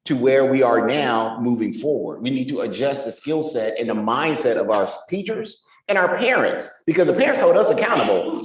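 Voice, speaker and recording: A man co-hosting a live podcast at a conference, speaking in quick, animated bursts about education. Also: mid-range voice, roomy sound, distant mic, slight background noise, poor audio. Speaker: podcast co-host. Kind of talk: live podcast chat with audience. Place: conference room with live audience.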